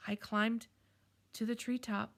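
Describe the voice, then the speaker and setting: A woman's voice: fairly high pitch, flat delivery, slow pace, vocal fry. A woman voicing a small, tearful female animal who whispers and quavers in a storybook reading. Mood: whispered.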